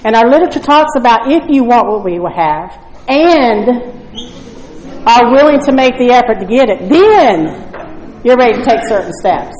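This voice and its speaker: A woman's voice: fairly high pitch, expressive, normal speed, darkish tone. A woman telling her personal story at a recovery meeting, blunt and conversational, often asking "right?". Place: meeting room. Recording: echoey room.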